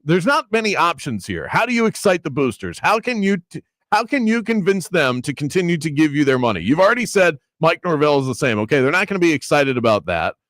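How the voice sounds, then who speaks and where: A man's voice: on the high side, fast, dry recording. A man hosting a sports talk radio show, arguing his points with lots of restarts. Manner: animated, argumentative, restarts.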